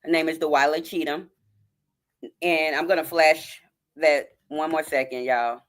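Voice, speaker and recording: A deep-voiced woman hosts a live stream on her phone, speaking at a measured pace with fairly even intonation. Choked up and close to tears, she reads a story aloud, calls her viewers "y'all," and greets people in chat by name.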